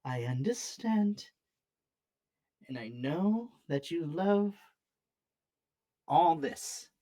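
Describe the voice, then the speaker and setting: A woman's voice: fairly low pitch, vocal fry, mellow, no room sound, studio quality, distant mic, exaggerated voice. Woman voicing a stern fatherly magician. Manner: scolding, measured and deliberate. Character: stern elegant male magician in his forties, a father.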